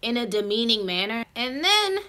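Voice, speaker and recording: A young woman in her twenties tells a storytime to her viewers in a casual, profane way. Her voice sits fairly high and sounds bright and forceful. She keeps the telling animated and talks straight to the audience. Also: moderate pace. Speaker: vlogger.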